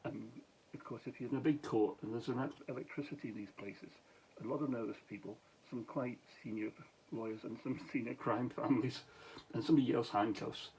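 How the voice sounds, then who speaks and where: A man's voice: mid-range voice, steady tone, fairly quick, a little mellow, slight background noise, poor audio. A tired middle-aged Scottish man, a former police officer, telling a meandering story late at night with many restarts, asides and chuckles.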